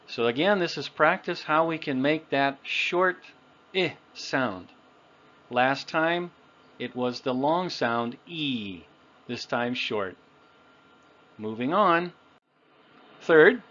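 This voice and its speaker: Man, pronunciation teacher, slow deliberate delivery, over-enunciated examples, muffled lo-fi sound. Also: mid-range voice, lively intonation, fairly bright tone. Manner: patient, over-enunciates example phrases for repetition.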